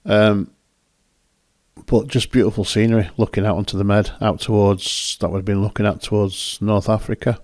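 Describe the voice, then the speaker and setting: A man's voice: lowish voice, little pitch movement, normal speed, darkish tone, no echo, clean studio sound. A man hosting, chatting casually and rambling as he talks through his photos. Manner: rambling, self-correcting, chatty. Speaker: photographer and host. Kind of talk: casual commentary over photos.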